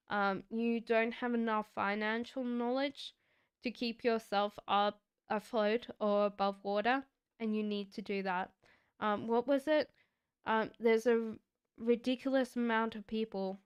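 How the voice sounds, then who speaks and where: Slow, clear-voiced woman reading tarot. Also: fairly high pitch, dry recording, clean studio sound. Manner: slow, reflective, chatty with giggles. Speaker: tarot reader. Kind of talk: live-stream card reading.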